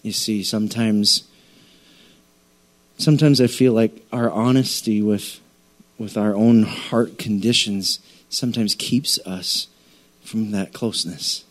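A man's voice: on the low side, steady tone, slow pace. A male preacher giving a sermon in an emphatic, repetitive, conversational way.

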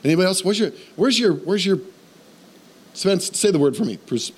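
A man preaching in a church with a fairly high voice. He talks in a lively, conversational way, often turning to the congregation with questions. His delivery moves between quick bursts and slower, emphatic phrases. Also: breathy edge. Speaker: pastor. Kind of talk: sermon.

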